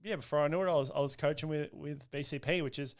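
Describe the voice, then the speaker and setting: A man, a guest on a podcast, telling stories in a lively, casual way with many restarts. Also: fairly high pitch, fast. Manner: lively, acts out quoted voices, frequent restarts. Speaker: guest, motocross riding coach. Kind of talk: casual storytelling in a podcast chat.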